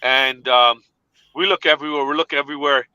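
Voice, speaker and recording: Bright, lively man telling a story. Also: mid-range voice, a little fast, smooth, no echo, dull audio. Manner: animated, laughs while telling stories. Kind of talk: casual storytelling chat.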